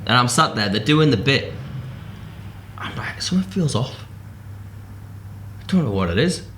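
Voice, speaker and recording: British bloke telling pub stories, swears a lot, does voices, echoey room with faint noise. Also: male voice, medium pitch, moderate pace. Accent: British English. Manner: animated storyteller, swears freely, acts out voices. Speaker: podcast host. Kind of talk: casual pub chat.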